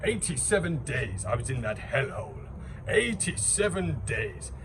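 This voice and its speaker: A man's voice: mid-range voice, big pitch swings, measured pace. A man playing a rambling, theatrical British siege survivor in an improvised comedy sketch. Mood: reminiscing. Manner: rambling, theatrical, patriotic bluster. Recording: distant mic with noise.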